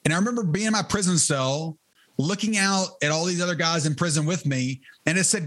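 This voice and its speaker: A man's voice: fairly high pitch, fairly quick, fairly bright tone. Fervent man telling his story. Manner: earnest, fervent storytelling with frequent restarts. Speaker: interview guest, ministry leader. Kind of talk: testimony in conversation.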